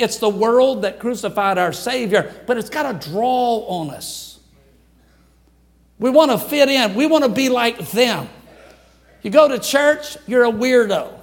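An older man, preaching a folksy sermon and acting out quotes in lively voices. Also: sits high. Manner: folksy, animated storytelling with acted quotes. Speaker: pastor.

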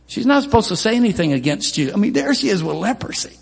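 A man's voice: big pitch swings, quick pace, creaky, a little mellow, breathy edge. A man preaching a sermon as pastor, emphatic, with Scripture readings and quoted asides. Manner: emphatic preaching, voices quoted people in a raised pitch. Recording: long hall reverb.

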